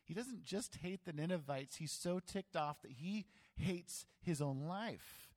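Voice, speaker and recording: A man preaching a sermon as pastor, animated, acting out voices and joking about himself. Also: on the high side, measured pace. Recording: long hall reverb.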